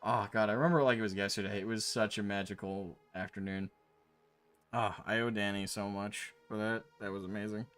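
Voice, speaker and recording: A man streaming while painting miniatures, telling a long casual story in a rambling, animated way with the odd swear word. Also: on the low side, brisk, smooth. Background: faint Gregorian chant music.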